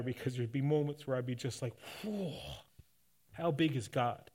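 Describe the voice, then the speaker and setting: Middle-aged Canadian male pastor, mid-pitched, storytelling sermon delivery with easy restarts. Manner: conversational, folksy storytelling with restarts. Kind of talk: sermon with personal stories.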